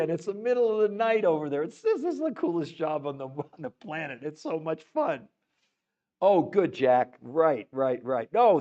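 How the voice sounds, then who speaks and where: A man hosting a live stream, chatting with viewers and greeting them by name in an excitable, animated way, laughing often. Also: a little high, muffled recording. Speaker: livestream host. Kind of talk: enthusiastic live-stream chat.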